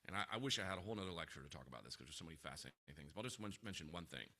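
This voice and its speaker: A middle-aged man giving a lively teaching talk at a church retreat, acting out little quotes and restarting his sentences as he goes. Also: sits low. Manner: fast, animated, with frequent restarts and acted-out quotes.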